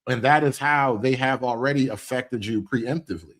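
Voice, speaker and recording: A man's voice: medium pitch, moderate pace, a bit bright. A man hosting a reaction commentary show, talking in an opinionated way and often restarting his phrases. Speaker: commentary host.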